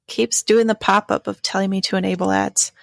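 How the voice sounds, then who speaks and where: A woman co-hosting a podcast, chatting casually about a film, relaxed and laughing often, reading a synopsis aloud at times. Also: medium pitch, brisk, gravelly, no echo, clean studio sound. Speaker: podcast co-host.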